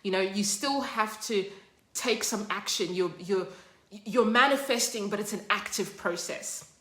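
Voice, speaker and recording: Bright, chatty woman teaching. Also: medium pitch, unhurried, roomy sound. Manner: chatty, animated storytelling, laughs often. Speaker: study group host. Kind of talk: casual teaching monologue.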